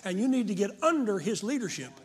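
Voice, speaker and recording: An older man preaching a fervent sermon to a congregation, often rising to shouts. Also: sits high, sing-song, quick pace. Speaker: pastor.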